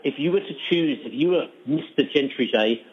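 A man's voice: fairly high pitch, animated, moderate pace, muffled recording. A man hosting a podcast, chatting casually and asking leading questions. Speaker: podcast host. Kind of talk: casual interview.

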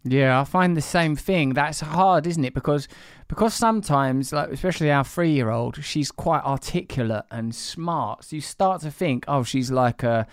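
A man's voice: a little high, normal speed, clear, resonant tone, no echo, studio quality. A man, hosting a casual, reflective conversation. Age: 40s. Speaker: host.

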